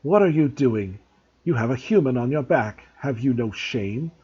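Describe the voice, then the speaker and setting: A man's voice: medium pitch, lively intonation, moderate pace, warm tone, husky. A man voicing a proud, angry male centaur with a scornful, growling manner, on a dull lo-fi recording.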